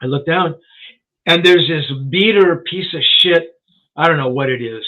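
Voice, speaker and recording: Over a tinny, phone-like line, a man in his sixties who writes about rock music recounts a story during a casual interview. He rambles, restarting often and saying "you know" a lot, in a fairly high voice at a moderate pace.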